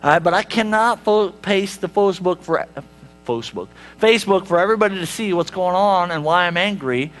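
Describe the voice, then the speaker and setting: A man's voice: high voice, expressive, fairly quick, a bit bright. A male pastor preaching a sermon in a conversational way, with rhetorical questions to the congregation and wry humor. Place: church sanctuary.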